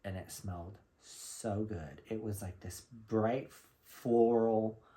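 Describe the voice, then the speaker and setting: A man from Florida telling a lively, gossipy shopping story in a casual vlog, with blunt slang. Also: on the low side, slow. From Florida, USA. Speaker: vlogger.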